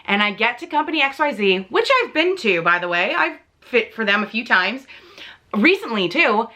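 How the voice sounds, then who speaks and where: A woman's voice: fairly high pitch, very animated, moderate pace, sharp tone. A woman telling a storytime vlog, exasperated and in pain, retelling a bad week with lots of "like" and some swearing. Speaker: vlogger. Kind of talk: casual storytime rant.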